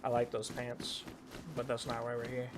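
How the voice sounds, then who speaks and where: A man's voice: medium pitch, monotone, moderate pace. A man streaming a role-play game, chatting casually in a rambling, self-deprecating way, often mumbling. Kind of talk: casual gaming chat. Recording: noisy background.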